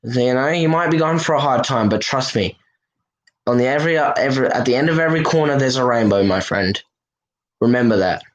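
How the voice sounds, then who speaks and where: A man's voice: mid-range voice, lively intonation, brisk, low-quality recording. Earnest man, reassuring. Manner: earnest, reassuring, full of "you know" fillers. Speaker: livestream host. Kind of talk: casual livestream chat to viewers.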